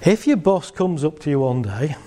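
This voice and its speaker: Middle-aged man, warm relaxed timbre, chatty live-talk speaker with a joking streak. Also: a little high, normal speed. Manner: chatty, jokey, laughs at his own stories. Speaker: speaker giving a talk on assertiveness. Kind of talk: casual talk to a live audience.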